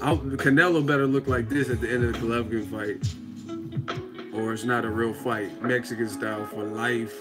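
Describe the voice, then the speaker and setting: A man hosting a live show, talking casually with a profane, animated manner and frequent laughter. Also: medium pitch, normal speed, loud music behind the voice. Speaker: host.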